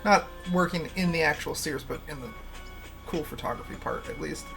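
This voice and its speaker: Gravelly, rambling livestream host. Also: mid-range voice, moderate pace, over music. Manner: rambling and candid, laughs often, swears freely. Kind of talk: casual stream chat.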